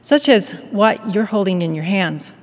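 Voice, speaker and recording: A woman's voice: mid-range voice, measured pace, big-room sound. A woman reading as an eager, faithful sister. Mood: serene urging. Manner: excited, gently urging.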